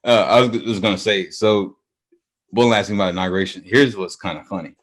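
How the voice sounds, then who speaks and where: Animated low-voiced podcast co-host. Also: male voice, fairly quick. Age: young adult. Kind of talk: casual chat.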